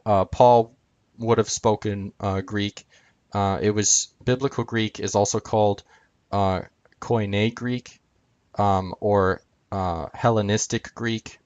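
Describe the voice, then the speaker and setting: Hesitant low-voiced man explaining a chart. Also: dry recording, dull audio. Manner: hesitant, many filler sounds. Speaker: video presenter.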